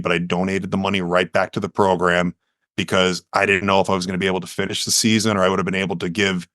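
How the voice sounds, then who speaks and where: As a podcast guest, a man from the United States recounts his story in earnest, animatedly performing the quotes. The studio-quality recording of his low voice has no room sound.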